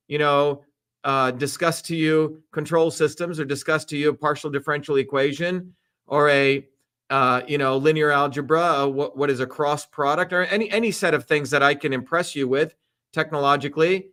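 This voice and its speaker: A man's voice: on the high side, pushed and bright. A man, a political candidate, giving an impassioned, emphatic and crude livestream speech, full of repetition and profanity.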